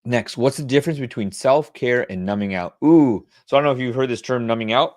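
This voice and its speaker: A man's voice: medium pitch, fairly quick, darkish tone, dry recording, clean studio sound. A middle-aged man answering audience questions on wellbeing in a casual, coaching tone, with plenty of fillers. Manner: conversational, coaching tone with frequent fillers. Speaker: webclass host answering questions.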